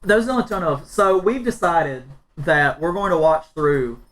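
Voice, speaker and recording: Male podcast co-host, slightly high voice, loose rambling delivery. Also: expressive, a little fast, fairly bright tone, poor audio. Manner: rambling, repeats himself. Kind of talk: casual chat.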